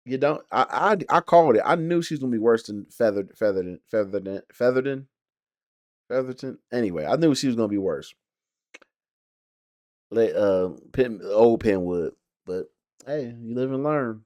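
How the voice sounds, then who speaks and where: A man's voice: medium pitch, expressive, normal speed, warm tone, dry recording. A man talking casually about a show he watched, rambling with many fillers and restarts. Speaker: show reviewer. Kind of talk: casual reaction talk.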